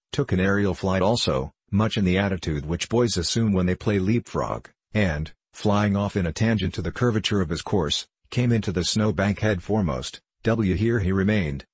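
A man narrating a classic novel in a measured, even audiobook reading. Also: deep voice, slightly rough, no echo.

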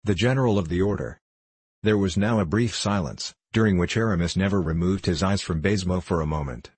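Male audiobook narrator, measured reading, husky low voice. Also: darkish tone, no room sound.

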